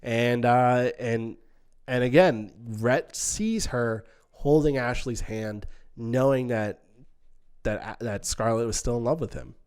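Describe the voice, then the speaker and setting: A young adult man co-hosting a podcast walks through a film's scenes in a casual discussion, performing the characters' lines as he goes. His mid-range voice is slow, a little mellow, and clean in tone. He retells things at length, quoting dialogue and restarting often.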